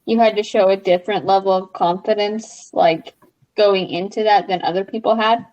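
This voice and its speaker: A woman's voice: mid-range voice, fairly even intonation, moderate pace, darkish tone, dull audio. A woman interviewing a guest, asking questions hesitantly with many likes and restarts. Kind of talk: casual interview.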